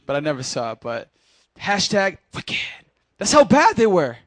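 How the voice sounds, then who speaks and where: A man's voice: sits high, wildly swooping pitch, moderate pace, dry recording. A man preaching in a casual, conversational way, speaking directly to his congregation and acting out Bible scenes. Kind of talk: sermon.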